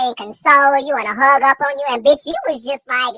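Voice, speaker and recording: An adult friend joins a casual podcast chat, gossiping in a sassy, profane way. The voice is very high and bright, recorded dry and close. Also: fairly quick, dry recording, rough recording.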